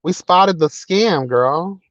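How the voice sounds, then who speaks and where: A sassy man on a casual livestream, swearing freely and throwing dramatic shade. His voice sits a little high. The sound is dull and dry, with no room echo. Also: slow pace, a bit bright. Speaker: livestream host reading chat. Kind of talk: casual chat.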